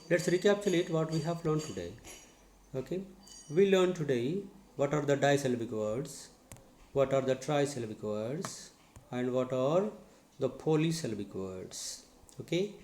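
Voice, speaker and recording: A man teaching an English lesson, explaining step by step and often pausing on "okay". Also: medium pitch, a little mellow. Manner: methodical, repeats "okay" between points. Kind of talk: recorded lesson on word stress. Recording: echoey room.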